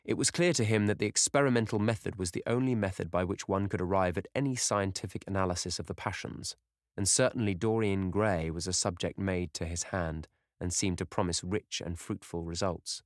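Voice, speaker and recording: Audiobook: male narrator, deep and steady, dry close recording. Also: a little fast, dry recording. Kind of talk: scripted narration.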